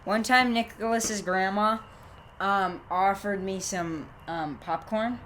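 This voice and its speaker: A young woman co-hosts a comedy podcast, rambling and playful as she spins silly stories. Her voice sits in a middle range. A faint steady hiss runs under the recording. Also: medium pitch, slow. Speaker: podcast co-host. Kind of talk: casual comedic chat.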